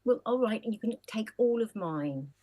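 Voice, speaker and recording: A woman's voice: fairly high pitch, lively intonation, normal speed, warm tone. A woman performing in an improv comedy scene, playful and teasing.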